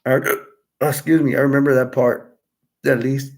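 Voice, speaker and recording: A man hosting a casual livestream, retelling a film in a rambling, halting way full of fillers and restarts, and reading viewer comments aloud. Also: medium pitch, level tone, a little mellow. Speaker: livestream host.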